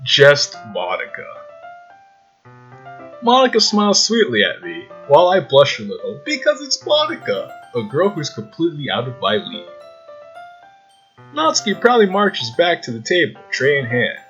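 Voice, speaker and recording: Excitable man reading a game aloud. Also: a little high, moderate pace, lo-fi sound, soft background music. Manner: excitable, laughs often, exclaims in disbelief. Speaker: gaming YouTuber. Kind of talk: let's play commentary, reading game text aloud.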